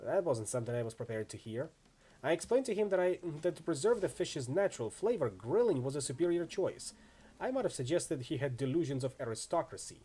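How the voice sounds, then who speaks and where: A man's voice: on the high side, big pitch swings, a little fast, mellow, husky. A man voicing a brash, tough female mercenary in a game reading, telling stories in a chatty, wry way.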